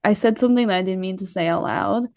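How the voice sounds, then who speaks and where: A woman's voice: mid-range voice, quick pace, darkish tone, no room sound, studio quality. A young woman co-hosting a podcast, chatting casually and laughing often. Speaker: podcast co-host; preschool teacher. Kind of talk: casual chat.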